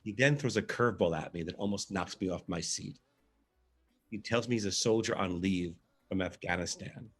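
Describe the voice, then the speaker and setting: Husky low-voiced man telling his story. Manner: expressive first-person storytelling. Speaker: performer reading his own story. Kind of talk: live theatrical monologue reading.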